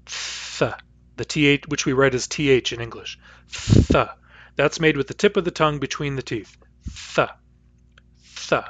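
Male instructor, patient phonetics lecture, mid-pitched, dry close sound, models each sound aloud. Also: fast, hardly any pauses, fairly bright tone, no room sound. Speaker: language teacher.

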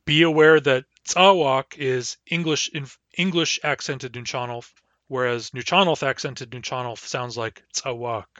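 A man's voice: medium pitch, steady tone, a bit bright, no room sound, lo-fi sound. A man giving a recorded language lesson, carefully repeating each word and explaining its pronunciation. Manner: measured, spells out and repeats each word slowly. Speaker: language teacher.

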